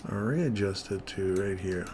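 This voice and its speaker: A man with a lowish voice talks through his market charts in a relaxed, chatty way. He greets viewers by name as he narrates his trades live. A faint hiss sits under the recording. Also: slow pace. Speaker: trading streamer. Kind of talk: live trading commentary.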